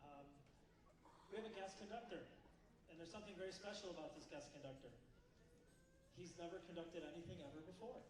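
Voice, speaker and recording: A man's voice: high-pitched, fairly quick, long pauses. A man, a band director, introducing a guest at a school concert in a chatty, storytelling way with plenty of fillers. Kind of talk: casual stage introduction. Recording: echoey hall from far off, noisy.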